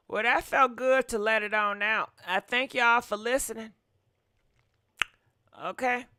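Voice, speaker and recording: A woman's voice: on the high side, pushed and bright, no echo. A woman chatting casually to her viewers at home, folksy, with sighs and hums. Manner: chatty, folksy, sighing and humming asides. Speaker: host.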